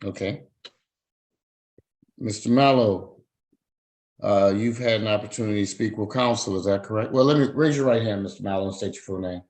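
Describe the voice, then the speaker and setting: A man's voice: fairly low pitch, moderate pace, long pauses, a little mellow, poor audio. A man presiding as a judge, formally reading out charges, fines and rights in a court hearing. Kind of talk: court proceedings over a video call.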